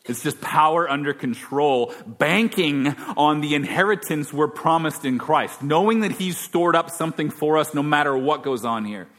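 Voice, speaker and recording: A man's voice: fairly high pitch, expressive, normal speed, few pauses. Man pastor preaching, chatty then punchy, big echoey church hall. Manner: conversational preaching, shifting from quiet to emphatic. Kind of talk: sermon. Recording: long hall reverb.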